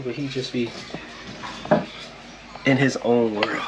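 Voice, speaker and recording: A man hosting a casual home vlog, talking in a relaxed, rambling way with laid-back slang. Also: mid-range voice, moderate pace, long pauses, lo-fi sound, background noise. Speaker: vlog host. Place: home indoors.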